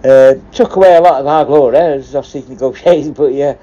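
Middle-aged bloke, ex-prison officer, sweary rambling storyteller; mellow dark voice, dull lo-fi recording. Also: male voice, medium pitch, fairly quick. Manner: sweary, rambling, laughs at his own stories. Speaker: former prison officer and hostage negotiator. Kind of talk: casual storytelling.

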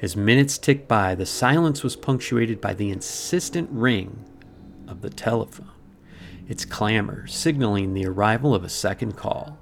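A man's voice: on the low side, lively intonation, moderate pace, creaky, a little hiss or hum. A man hosting a podcast, telling a mystery story in dramatic, ornate scripted narration. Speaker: podcast host. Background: faint music.

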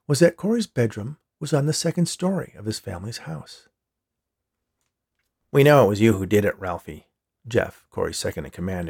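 A man reading a story aloud with a steady storytelling delivery. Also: medium pitch, creaky, breathy edge. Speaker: story reader. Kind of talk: audiobook narration.

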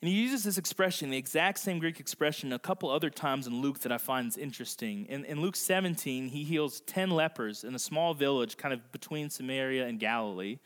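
A male pastor preaching a conversational sermon, slowing down and softening his voice for emphasis. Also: mid-range voice. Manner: acts out voices in quotes. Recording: long reverb of a large hall.

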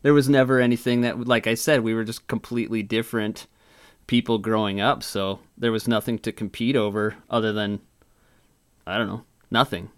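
A man in casual podcast chat, telling stories about his childhood in a relaxed way and swearing freely. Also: on the low side, normal speed, clean tone. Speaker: podcast host.

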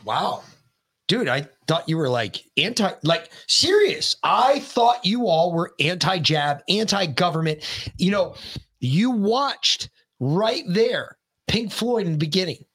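A man co-hosting a political podcast, ranting heatedly and swearing, often breaking into shouts. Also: high voice, very animated, slow, husky. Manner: profane, heated, shouting rants. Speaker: podcast co-host.

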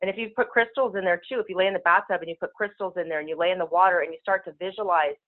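A woman speaking as a spiritual healer guest, talking very fast in casual, rushing speech over a telephone call-in. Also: on the low side, steady tone. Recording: tinny phone line.

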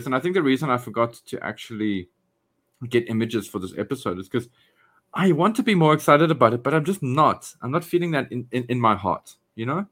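A man's voice: mid-range voice, a bit bright. A man co-hosting a casual podcast chat, talking with enthusiasm and rambling through restarts. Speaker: podcast co-host.

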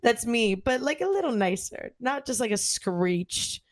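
A young woman co-hosting a podcast chats in a giggly, playful way. She talks slowly, her voice sits a little high, and her pitch bounces up and down a lot. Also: animated. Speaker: podcast co-host. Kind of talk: casual chat.

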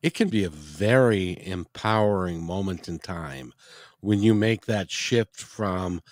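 A man's voice: deep voice, measured pace, no echo, studio quality. A man hosting an interview, offering affirmations and asking open, reflective questions. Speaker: interview host. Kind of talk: casual interview.

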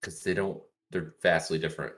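A man's voice: very deep voice, flat delivery, brisk, a bit bright. A man in a casual movie review chat, complaining in a wry, exasperated way.

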